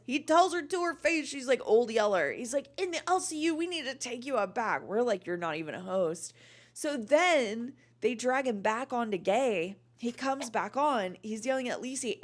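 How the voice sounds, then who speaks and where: A woman co-hosting a livestream in casual chat, blunt and swearing freely as she tells animated stories. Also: fairly high pitch, moderate pace. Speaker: livestream co-host.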